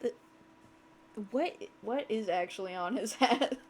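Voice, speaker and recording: A woman's voice: fairly high pitch, lively intonation, measured pace, slight background noise. A woman streamer giving casual, chatty commentary while playing a game, laughing, swearing and reading dialogue aloud.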